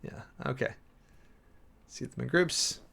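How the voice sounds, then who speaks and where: A man's voice: mid-range voice, takes it slowly, gravelly, pushed and bright. A man preparing a sermon, reading scripture aloud and thinking it through in a rambling, self-interrupting way. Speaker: preacher.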